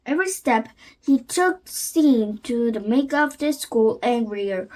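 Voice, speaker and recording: The channel's host, a high-voiced woman with Korean as her first language, gives a slow reading of a children's chapter book. Her delivery is careful, faltering, and full of restarts.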